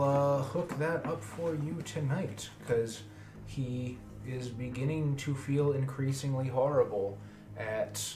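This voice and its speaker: A man's voice: mid-range voice, a little mellow, recorded from a distance. A man narrating as game master, casual and a bit profane. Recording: roomy echo with faint music.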